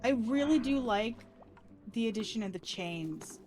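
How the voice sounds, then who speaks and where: A woman streaming a block-building game in casual chat, giggly and excitable, with squeals when she is delighted. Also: on the high side, unhurried, faint music behind.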